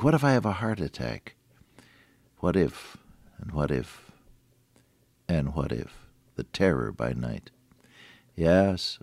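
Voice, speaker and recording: A man's voice: deep voice, no room sound, studio quality. An older man giving a folksy, conversational radio devotional sermon and chuckling at his own jokes. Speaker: radio preacher.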